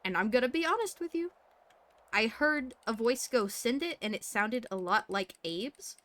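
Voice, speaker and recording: A woman's voice: fairly high pitch, animated, normal speed, sharp tone. A woman streamer playing a doctor in roleplay, telling a story in character and acting out radio calls and quotes with feeling.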